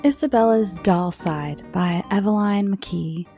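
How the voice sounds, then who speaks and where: Warm and creaky at a mid-range pitch, this woman's voice leads a kids' show of scary bedtime stories. Her narration is slow and dramatic, dipping into whispers at times, with faint music behind it.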